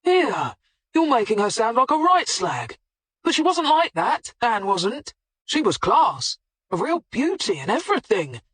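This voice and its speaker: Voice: mid-range voice, big pitch swings, a little slow, slightly rough, no echo. An audiobook narrator voicing a defensive, coarse-spoken middle-aged male butcher being questioned by police, in blunt colloquial speech. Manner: blunt colloquial working-class talk.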